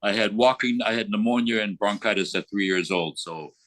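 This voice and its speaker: A gruff older man with a fairly low voice tells his story in a loose, conversational way. He swears freely and speaks bluntly. His voice rises sharply when he gets worked up. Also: a little fast, no echo. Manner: blunt, profane, animated when retelling. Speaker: veteran interviewee. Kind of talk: casual storytelling interview. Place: remote call from abroad.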